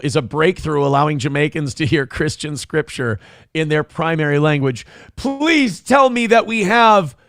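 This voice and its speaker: A man's voice: a little high, creaky, fairly bright tone, no room sound, studio quality. A man hosting a morning livestream show in casual, profane, jokey chat, reading out viewer comments.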